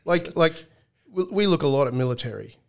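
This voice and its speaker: A man's voice: fairly high pitch, lively intonation, fairly quick, vocal fry. A man in a casual podcast chat, explaining team performance at length, often restarting sentences, with a dry sense of humor. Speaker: guest analyst on team performance.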